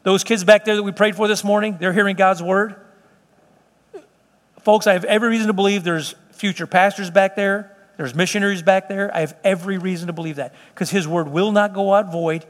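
A man's voice: high-pitched, fairly even intonation, a little fast. A man preaching as pastor in a church, earnest and emphatic with folksy asides, then leading a prayer. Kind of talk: sermon and closing prayer. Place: church sanctuary. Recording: long hall reverb.

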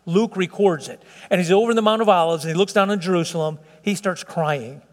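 High-voiced preaching man in a reverberant hall. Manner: preaching with slowed, stretched emphasis and rising intensity. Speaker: pastor. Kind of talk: sermon.

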